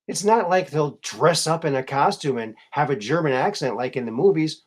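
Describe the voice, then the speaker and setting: A man's voice: on the high side, animated, normal speed, hardly any pauses. A man hosting a casual live show, musing and rambling with many fillers and restarts as he greets viewers. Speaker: show host.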